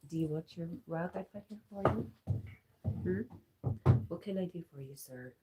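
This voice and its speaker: A woman's voice: fairly low pitch, normal speed, heavy background noise. A woman hosting a casual livestream, reading viewer comments aloud, laughing often and talking to her dog. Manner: reads chat aloud, talks to her dog; laughs often, drops to soft murmurs. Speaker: livestream host.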